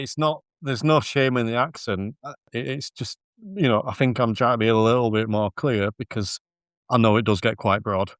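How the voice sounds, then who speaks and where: A man with a Yorkshire accent hosts a podcast in an easygoing, self-deprecating way and laughs often. His pitch is mid-range and the recording is dry. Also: fairly bright tone, no room sound. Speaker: podcast host. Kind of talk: casual chat.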